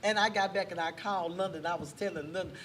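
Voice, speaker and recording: A woman telling a faith story as a guest on a casual talk show, lively and full of church exclamations. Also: lowish voice, fast. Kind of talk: testimony in a casual chat. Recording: distant mic with faint background noise.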